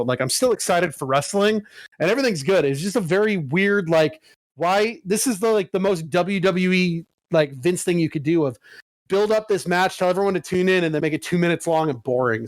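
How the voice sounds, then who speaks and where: A man co-hosting a gaming podcast rants with bursts of excitement and plenty of swearing. His voice sits fairly high for a man. The recording is close and dry. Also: no room sound. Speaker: podcast co-host. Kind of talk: casual chat.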